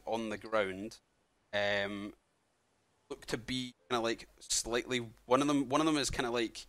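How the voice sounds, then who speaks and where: A man's voice: fairly low pitch, sharp tone. A man running a tabletop game, narrating loosely with lots of "kinda" and "like". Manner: rambling, heavy use of fillers like "kinda" and "like". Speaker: game master.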